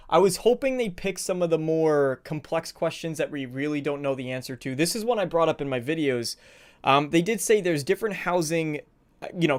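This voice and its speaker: A man casually chatting on a live stream, greeting viewers and rambling a little while he sets things up, slightly out of breath. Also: a little high.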